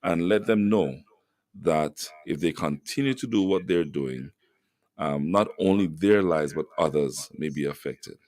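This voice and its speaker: A man's voice: extremely low pitch, a little slow, darkish tone, no room sound, clean studio sound. A middle-aged man with a Jamaican accent hosting a radio talk show, preaching emphatic, moralizing commentary and repeating words for stress. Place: radio studio.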